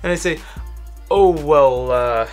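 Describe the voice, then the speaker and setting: A man's voice: fairly high pitch, slow pace, a little mellow, faint music behind. A young man casually reviewing a gadget, rambling with lots of fillers and restarts. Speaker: tech reviewer.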